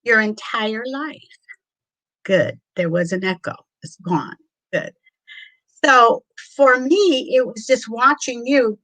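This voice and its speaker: An older woman speaking as a guest on a video call, gentle and reflective. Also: on the high side, lively intonation, slow, no echo, poor audio. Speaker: guest, host's mother. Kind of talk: casual video call chat.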